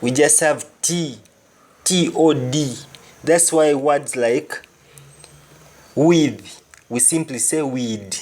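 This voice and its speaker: A man with a Jamaican accent gives a language lesson. He repeats each phrase deliberately and then translates it. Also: a little high, darkish tone. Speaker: language teacher.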